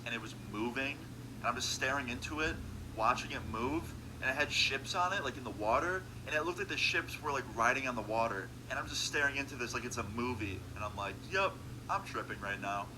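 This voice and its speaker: A man's voice: medium pitch, background noise. A young man casually narrating a story in a laid-back, slangy way, acting out both sides of the dialogue.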